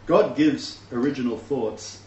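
Preaching to a messianic congregation, this man teaches in an unhurried, slightly mellow mid-range voice. He speaks emphatically, frequently posing rhetorical questions, captured in a distant, roomy, dull recording with faint noise behind.

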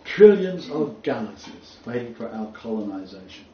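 A man's voice: mid-range voice, sing-song, moderate pace. A man preaching a sermon, quoting scripture emphatically and rising on key phrases. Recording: roomy, distant, dull, faint noise.

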